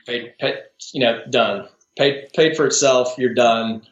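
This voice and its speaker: Against a noisy background, a strengths coach speaks as a podcast interview guest, his medium-pitched voice unhurried and fairly even in intonation. Casual and thoughtful, he often restarts and adds asides, in a recording that's roomy and dull with a lo-fi quality.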